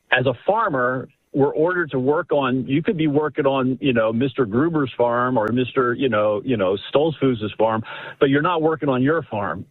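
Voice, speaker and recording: Guy calling in on a tinny phone line, husky voice, rambly story, keeps restarting. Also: medium pitch. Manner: animated, rambling, many restarts. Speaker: caller. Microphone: telephone.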